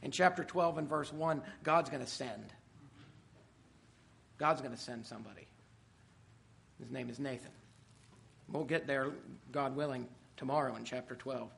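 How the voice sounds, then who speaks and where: A middle-aged man preaching a sermon, swinging from quiet asides to loud, emphatic peaks. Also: medium pitch, measured pace, creaky, pauses often, a little hiss or hum.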